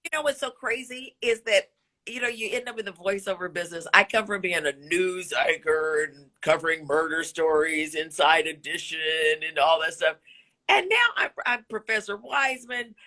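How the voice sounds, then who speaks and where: A woman's voice: on the low side, normal speed, pushed and bright. A woman in her sixties, a broadcaster and voice actor, talking candidly and emphatically in an interview, preaching motivation and swearing freely.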